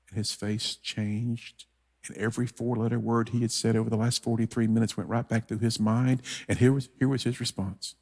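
A man preaching a sermon, telling a story with humor and lively energy. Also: on the low side, brisk. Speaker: guest preacher. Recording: long hall reverb from church.

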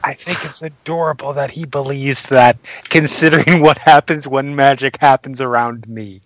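A man's voice: mid-range voice, fairly even intonation, moderate pace, dry recording, poor audio. Male player, wry and playful, dry recording. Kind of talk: casual tabletop game chat.

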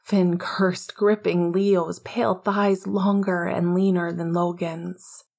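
A woman narrating an audiobook in a hushed, intimate way, often half-whispering. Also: lowish voice, little pitch movement, takes it slowly, gravelly.

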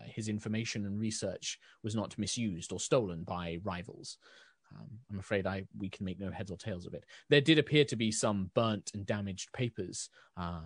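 A man voicing a stately, formal duchess who speaks in a measured, subdued way. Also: fairly low pitch, breathy edge, no room sound.

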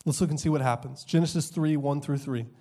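A man's voice: a little high, fairly even intonation, dark tone. Conversational, joking young male pastor. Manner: conversational and humorous, shifting between quick asides and slow emphatic drops. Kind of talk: sermon.

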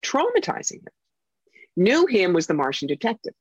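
A woman psychic tells stories during a casual interview, animating her anecdotes with acted-out voices. Her voice sits at a middle pitch and sounds dry and close. The recording is dull and lo-fi. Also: moderate pace, slightly rough, no room sound. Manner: animated storyteller who acts out quoted voices. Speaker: psychic and author, interview guest. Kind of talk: casual interview talk, storytelling.

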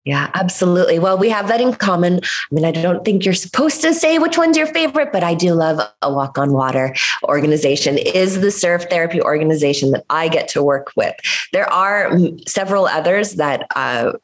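A woman from the United States telling a personal story in an interview, in an animated, expressive way. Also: fairly low pitch, fairly quick. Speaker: guest. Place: Los Angeles area.

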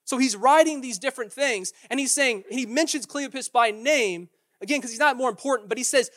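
A man's voice: very high voice, animated, fast talker, a bit bright. A man preaching a sermon in a conversational way, acting out quotes and often restarting his phrases. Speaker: pastor.

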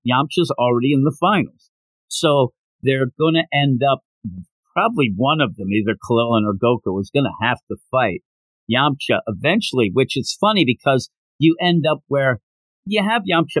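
A man hosting a podcast, recapping a comic chapter in excited, rambling casual chat and quoting lines as he goes. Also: medium pitch, normal speed, dry recording, poor audio. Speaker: podcast host.

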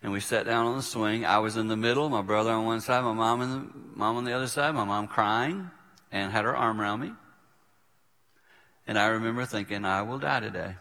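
An older man, a preacher, telling a personal story in a sermon and acting out the voices in it, sometimes dropping to a hush. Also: lowish voice, fairly quick. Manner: vivid storyteller who acts out quoted voices. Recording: reverberant hall.

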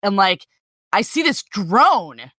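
Bright-voiced woman in loose chat. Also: medium pitch, big pitch swings, takes it slowly, no room sound. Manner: loose, peppered with "like", swears freely. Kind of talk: casual chat.

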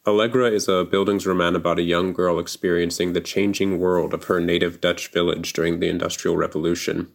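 A man speaking as a guest in a measured, earnest scripted monologue. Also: low voice, level tone, gravelly.

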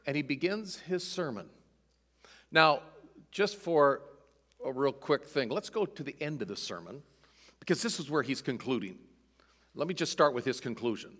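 A man's voice: on the high side, big pitch swings, moderate pace, pauses often, fairly bright tone. A man preaching an expository sermon in a conversational way, reading scripture aloud with dramatic emphasis. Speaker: pastor. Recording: long hall reverb.

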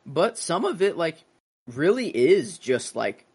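A man's voice: on the high side, big pitch swings, slow, a little mellow, breathy edge. Rambling man chatting about a film. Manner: rambling, lots of fillers and restarts. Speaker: podcast host. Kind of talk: casual chat.

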